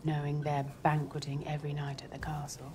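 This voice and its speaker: An actress playing a bitter common townswoman in a period drama, speaking low and resentful as she stirs up talk. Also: completely flat delivery, brisk, a little mellow, a little hiss or hum, lightly acted. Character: bitter common townswoman, grumbling about the feasting nobles.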